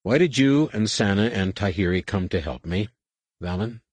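A man voicing an earnest young boy Jedi trainee in an audiobook, his voice raised into a boyish pitch. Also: animated, moderate pace, no echo.

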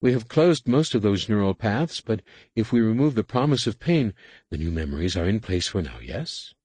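Servile fretful alien apprentice, a man putting her on, raised nervous voice, husky, dry. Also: on the low side, very animated, moderate pace, darkish tone, dry recording, pitched above the performer's own voice. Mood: anxious. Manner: deferential, worried pleading. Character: nervous alien female adept, servile, anxious.

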